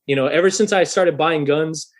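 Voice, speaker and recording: A thirty-year-old man telling a story in a casual podcast interview, animated and profane, loudly acting out the people he quotes. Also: a little high, moderate pace. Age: 30s. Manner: animated, swearing, acts out quoted voices loudly. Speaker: guest musician.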